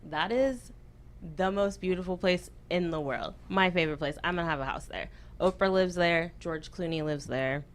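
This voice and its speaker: Woman, lowish voice, casual podcast chat, chatty storyteller, laughs often. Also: normal speed. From United States. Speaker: podcast guest.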